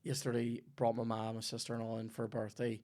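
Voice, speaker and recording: A man's voice: medium pitch, completely flat delivery, quick pace, darkish tone, no room sound. A man with a Northern Irish accent hosting a comedy podcast, rambling through a sweary, jokey ad read.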